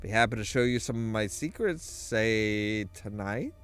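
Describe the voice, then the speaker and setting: A man's voice: animated, unhurried, a bit bright, soft background music. A man playing a smug seductive rogue. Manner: boastful, low and suggestive.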